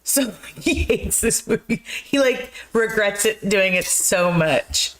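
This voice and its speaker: A woman's voice: mid-range voice, animated, takes it slowly. A woman co-hosting a casual movie chat show, retelling a film in a rambling way, with lots of filler words and laughs. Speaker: podcast co-host.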